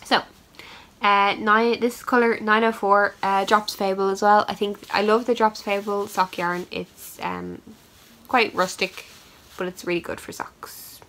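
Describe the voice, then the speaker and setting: A woman's voice: mid-range voice, steady tone, a little slow, fairly bright tone, poor audio. A woman hosts her knitting podcast in a loose, chatty way. She rambles and pokes fun at herself, filling gaps with ums and uhs, in a mid-range voice. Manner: chatty, rambling, self-deprecating with fillers. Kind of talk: casual chat showing yarn.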